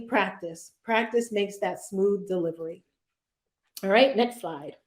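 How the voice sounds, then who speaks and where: A woman's voice: fairly high pitch, darkish tone, reverberant. A woman leading a virtual public speaking workshop, talking conversationally with fillers and frequent "right?" check-ins. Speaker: workshop presenter.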